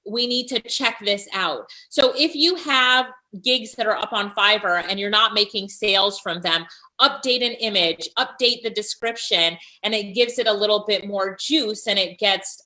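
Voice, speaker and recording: A woman's voice: mid-range voice, bright, forceful tone, low-quality recording. A woman hosting a live stream, coaching freelancers and reading out viewer comments in an upbeat, encouraging way.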